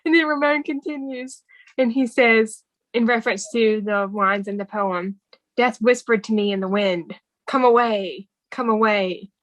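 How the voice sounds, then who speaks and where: Her voice is fairly high, steady and a little slow, captured with no echo yet poor quality. As a podcast co-host in a casual movie recap, she reads film quotes aloud warmly and earnestly.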